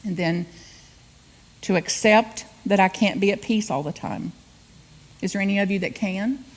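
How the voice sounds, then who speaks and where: A woman's voice: medium pitch, fairly even intonation, normal speed. A woman guest speaker giving a humorous spiritual sermon in a church, acting out quotes and laughing often. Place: church sanctuary.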